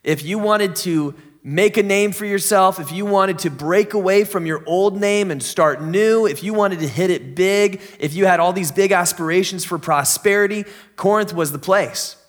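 A young man delivers a sermon with easygoing enthusiasm, explaining things conversationally and dropping in jokes. His voice sits fairly high for a man. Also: normal speed. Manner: enthusiastic, conversational, jokey preaching. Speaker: pastor.

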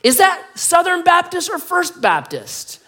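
A man's voice: unhurried, heavily acted. A man voicing a nervous, eager man pulling a stranger up on a rope in a comic sermon story. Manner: squeaky, excited, hesitant.

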